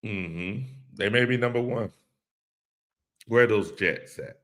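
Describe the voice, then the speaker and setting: Laid-back deep-voiced man hosting a live podcast. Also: slow, a bit bright. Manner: laid-back, reads comments aloud and laughs along. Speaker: podcast host reading live chat. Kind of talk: casual live-stream chat.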